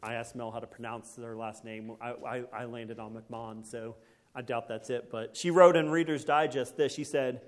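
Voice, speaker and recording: A man's voice: mid-range voice, fairly even intonation, moderate pace. Folksy preacher man, checking in. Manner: folksy, keeps checking in with tag questions. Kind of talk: conversational sermon.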